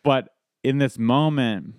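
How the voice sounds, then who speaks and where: A man's voice: mid-range voice, slow, no echo, studio quality. A man who is a stand-up comedian, telling a story in casual podcast chat, acting out quoted voices and swearing.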